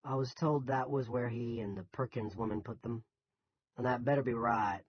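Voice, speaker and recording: A man's voice: mid-range voice, fairly even intonation, normal speed, husky, highs cut off, lightly acted. A man voicing a blustering middle-aged male town boss who gives commanding, scoffing, folksy orders. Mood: bossy.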